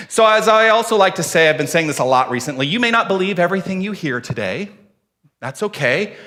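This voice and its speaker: A man welcoming his congregation as their minister, earnest and out of breath. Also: mid-range voice. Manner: warm, earnest, relaxed preaching. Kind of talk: Sunday service welcome. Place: church sanctuary. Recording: long reverb in a hall.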